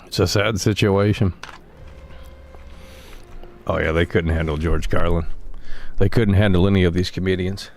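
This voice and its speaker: Low-voiced ranting male streamer. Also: fairly even intonation, normal speed, vocal fry, pauses often, darkish tone, a little hiss or hum. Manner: ranting, profane, blunt. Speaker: game streamer. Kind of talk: live stream chat.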